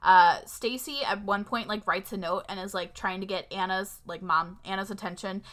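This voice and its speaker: Sarcastic young woman with a bright voice. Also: medium pitch, steady tone, normal speed. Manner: sarcastic, blunt, swears. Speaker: podcast co-host. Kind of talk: casual movie recap chat.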